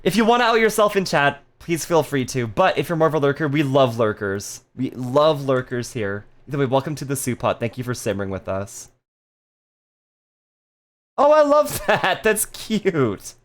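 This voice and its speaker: A playful streamer chatting with viewers during a live stream, voice swooping up and down with lively energy. Giggly and given to crude jokes, sitting at a middle pitch. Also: moderate pace.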